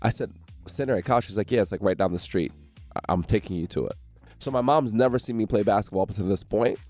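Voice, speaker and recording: A man from New Jersey, a guest in a radio studio, telling his story with animated energy and acting out the voices of the people in it. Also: fairly low pitch, fast talker, faint music behind. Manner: animated, acts out quoted voices.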